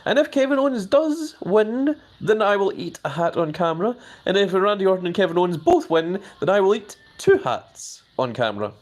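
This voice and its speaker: A man hosting a live stream. He chats casually, fills his talk with hedges, and his pitch jumps up whenever he reads out viewer comments. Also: sing-song, moderate pace, few pauses. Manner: hedging with many fillers.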